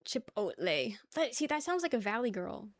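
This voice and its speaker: A woman's voice: a little high, expressive, fast, dry recording, clean studio sound. A young woman hosting a casual livestream, chatting loosely with her viewers, swearing and laughing often. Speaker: livestream host. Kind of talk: casual chat with chat.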